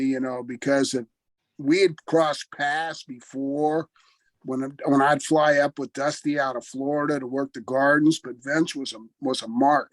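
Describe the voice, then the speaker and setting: An older man, a former wrestler, telling a story in an interview in an animated, anecdotal way, acting out the voices of the people he quotes and chuckling often. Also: mid-range voice, no room sound, poor audio. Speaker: retired wrestler guest.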